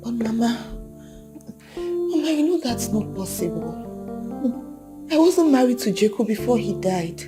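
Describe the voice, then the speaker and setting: A woman's voice: fairly high pitch, very animated, a little slow, pauses often, over music. A young woman with a Nigerian accent playing a widow who comforts and pleads with her mother-in-law in a film drama. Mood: pleading. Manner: soothing, pleading.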